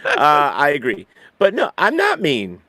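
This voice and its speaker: A man's voice: a little high, huge pitch swings, measured pace, bright, forceful tone, no room sound. A man in casual chat who rambles with restarts and laughs easily.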